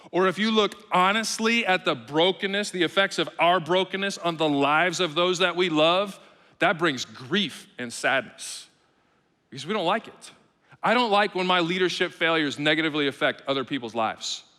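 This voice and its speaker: A bright, forceful man in his thirties preaching from a church stage, his voice ringing through the long reverb of a large hall. He talks like a conversation, dropping low and quiet, then climbing loud and emphatic, stacking repeated phrases and tossing in "right?" to the room. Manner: repeats phrases in quick lists with tag questions like "right?". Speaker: pastor. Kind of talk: sermon. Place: church auditorium.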